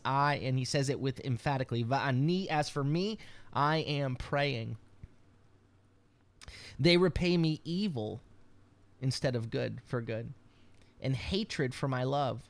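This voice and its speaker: A rabbi giving a daily devotional, reading scripture aloud and explaining it with frequent ums and restarts. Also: male voice, medium pitch, no echo. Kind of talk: devotional Bible teaching.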